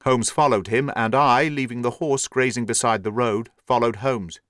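A man giving a measured, steady narration of an audiobook. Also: mid-range voice, dry recording, studio quality.

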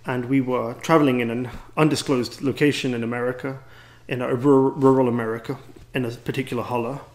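An English-accented priest speaks to a gathering in a wry, rambling way, poking fun at himself as he goes. His voice sits at a middling pitch for a man. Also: steady tone, fairly quick. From England. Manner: wry, rambling, self-deprecating. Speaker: priest and teacher. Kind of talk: anecdotal talk to a gathering.

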